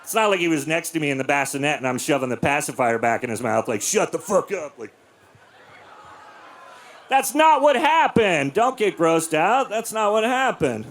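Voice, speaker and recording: A man in his forties doing a crude, deadpan stand-up set in a comedy club, acting out quotes in silly voices. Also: fairly high pitch, moderate pace. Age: 40s. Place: comedy club with a live audience.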